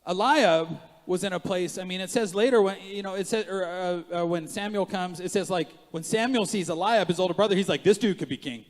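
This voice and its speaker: A man preaching a sermon as pastor, moving between quiet asides and loud emphatic rises, with joking self-mocking moments. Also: sits high, a little fast, few pauses, big-room sound. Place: church sanctuary.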